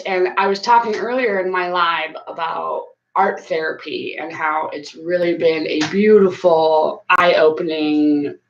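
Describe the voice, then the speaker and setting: A woman's voice: lowish voice, a bit bright. A woman, talking earnestly and casually to viewers on a live stream from her bathroom, with plenty of fillers. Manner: chatty, earnest, with frequent fillers. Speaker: YouTuber doing a live stream. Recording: echoey small room, slightly dull sound.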